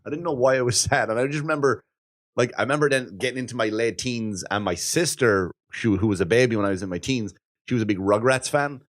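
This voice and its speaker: A man in his thirties co-hosting a casual podcast chat, telling lively stories, acting out quoted voices and laughing often. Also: mid-range voice, quick pace. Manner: animated storyteller, acts out quoted voices, swears and laughs often. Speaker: podcast co-host.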